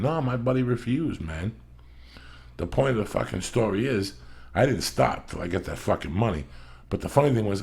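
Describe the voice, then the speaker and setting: Gravelly-voiced, profane middle-aged man. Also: fairly low pitch, darkish tone. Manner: profane, rambling, emphatic storyteller. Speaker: podcast host. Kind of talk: casual storytelling chat.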